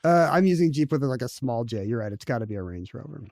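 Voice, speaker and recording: A man's voice: medium pitch, lively intonation, fast talker, vocal fry, darkish tone, dry recording, studio quality. A man co-hosting a podcast, chatting casually in a wry, joking, digressive way. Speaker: podcast co-host. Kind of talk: casual chat.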